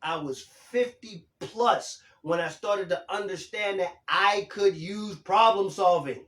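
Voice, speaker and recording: A man's voice: high voice, slow, fairly bright tone, reverberant. A man in his fifties hosting a casual livestream, talking emphatically and swearing casually as he reads and answers viewer comments. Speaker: livestream host.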